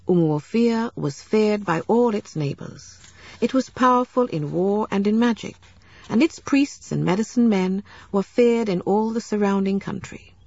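A woman narrating a novel as an audiobook, in a measured, steady storytelling manner, in a dull lo-fi recording. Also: mid-range voice, dry recording.

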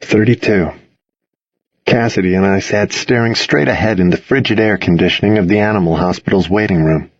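A man reading a first-person story aloud as an audiobook narrator, at a measured, steady pace. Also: low-pitched, no echo, lo-fi sound.

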